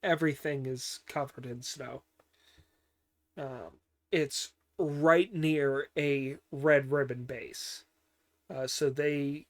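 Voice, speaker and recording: A show recapper gives a casual, unhurried rundown of a cartoon episode, full of pauses, fillers, and dry joking asides, in a medium-pitched man's voice.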